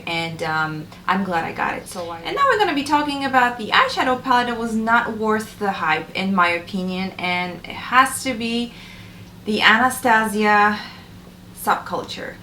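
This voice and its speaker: A woman's voice: mid-range voice, lively intonation, normal speed, bright, forceful tone, roomy sound, slight background noise. A young adult woman chatting casually and enthusiastically to camera as a beauty vlogger, with lots of fillers. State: a little out of breath.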